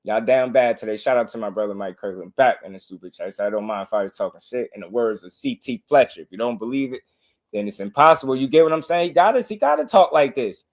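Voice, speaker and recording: A man's voice: medium pitch, animated, fast. A man hosting a boxing livestream, delivering a heated, impassioned rant to his viewers and hammering the same points again and again. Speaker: boxing channel host.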